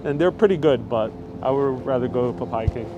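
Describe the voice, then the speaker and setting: A man's voice: medium pitch, fairly quick, highs cut off, noisy background. Chatty man on a city walk. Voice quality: chatty, rambling, reads out viewer comments. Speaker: host. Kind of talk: live walking tour stream. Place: outdoors on a city street. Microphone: wireless lapel mic.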